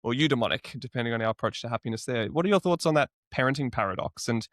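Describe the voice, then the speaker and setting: A young man hosting a podcast who talks quickly and works through his thoughts out loud. His voice sits at a middle pitch, and it is recorded dry and close with no room sound. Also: expressive, dry recording. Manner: reflective, thinks aloud with fillers. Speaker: podcast host. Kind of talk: podcast conversation.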